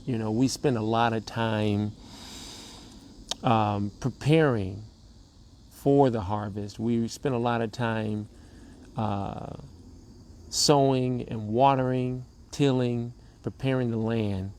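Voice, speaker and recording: A man co-hosting a relationship talk show, speaking in a measured, preacher-like cadence with long pauses. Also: medium pitch, fairly even intonation, a little mellow, slight background noise. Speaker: co-host, relationship coach. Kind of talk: slow motivational talk.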